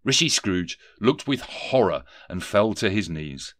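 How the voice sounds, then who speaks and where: A man's voice: fairly low pitch, very animated, a little slow, a bit bright, no room sound, clean studio sound. A man narrating a comic story in a wry, mock-solemn storybook tone.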